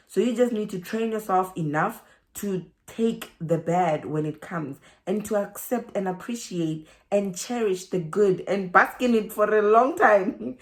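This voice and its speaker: A woman with a South African accent giving a motivational talk to her viewers. She laughs often and acts out the voices in her head. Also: fairly low pitch. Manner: animated, laughs often, acts out inner dialogue. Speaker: relocation vlogger.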